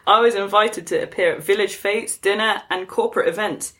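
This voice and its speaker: A woman's voice: mid-range voice, fairly quick, a bit bright. Giggly woman reading aloud. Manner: laughs often while reading aloud. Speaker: podcast co-host. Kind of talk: casual chat, reading an article aloud.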